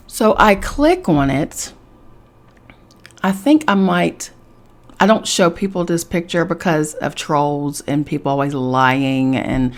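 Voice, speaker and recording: A woman hosting a podcast, telling a personal story in a casual, animated way and swearing freely. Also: lowish voice, normal speed. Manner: animated, swearing, acts out voices of others. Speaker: podcast host.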